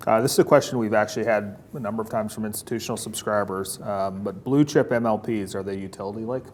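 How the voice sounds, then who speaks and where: A man co-hosting a show, reading out viewer questions in a relaxed, casual way. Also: fairly low pitch, fast, slight background noise. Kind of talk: casual Q&A moderation.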